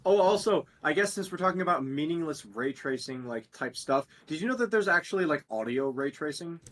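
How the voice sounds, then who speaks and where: A man's voice: a little high, animated, brisk, fairly bright tone. A young man co-hosting a casual reaction chat, mocking and exasperated. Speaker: co-host.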